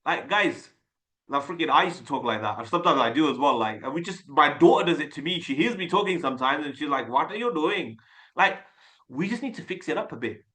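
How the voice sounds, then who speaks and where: A sales coach in his forties from Birmingham, England, whose first language is Urdu, leads a group over a video call with a Birmingham accent. His voice is fairly high and quick, and his energetic, chatty delivery often restarts mid-word. He speaks into a desktop webcam mic.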